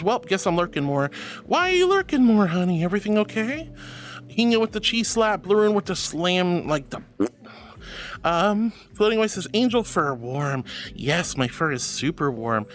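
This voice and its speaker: A woman VTuber chatting casually with viewers, reading their messages aloud and calling them honey and sweetie. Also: medium pitch. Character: furry angel VTuber avatar. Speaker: VTuber streamer.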